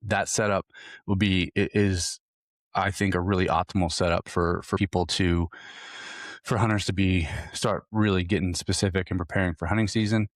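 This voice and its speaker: A man with a deep, low voice hosts a casual podcast for hunters, explaining training in an earnest coaching tone. He often restarts phrases and repeats small words as he thinks aloud. The sound is close and dry, with no room echo. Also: fairly even intonation, normal speed. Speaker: hunting fitness coach, podcast host. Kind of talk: casual solo podcast talk.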